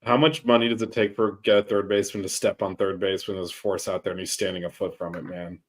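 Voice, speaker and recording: Man, low voice, sports podcast host, casual, rambling, filler-heavy. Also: level tone, quick pace. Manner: rambling, many fillers and restarts.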